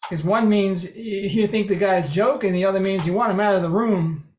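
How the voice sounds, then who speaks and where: Casual online lecturer, mid pitch, chatty with restarts; video call sound, echoey room. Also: normal speed, a little mellow, slight background noise. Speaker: presenter. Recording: roomy echo.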